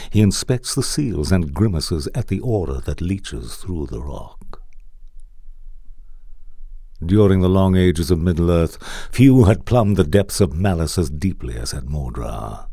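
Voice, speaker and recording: A very deep, gravelly male narrator reading stories aloud. He takes his time, letting his husky voice rise and fall with wide, dramatic expression. The sound is dry and close, with no room around it. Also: mellow, dry recording. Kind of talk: storytelling narration.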